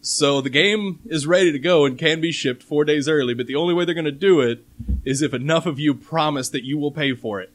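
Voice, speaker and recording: A man's voice: on the high side, fairly quick. Wry male podcast host. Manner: wry, explaining with deadpan sarcasm. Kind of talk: casual panel chat.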